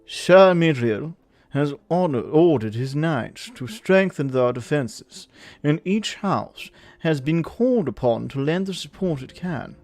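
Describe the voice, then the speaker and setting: A man voicing a stately male noble count in a slow, solemn, put-on British accent while reading game dialogue aloud. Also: on the high side, animated, darkish tone, soft background music. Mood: very proper. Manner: slow, measured, solemn delivery.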